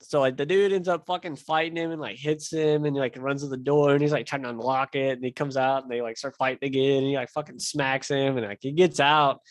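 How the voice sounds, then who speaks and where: A man's voice: mid-range voice, steady tone, a little fast, hardly any pauses, dry recording. Rambling, profane young man, dry sound. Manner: rambling, profane, filler-heavy storytelling. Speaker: podcast host. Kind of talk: casual chat.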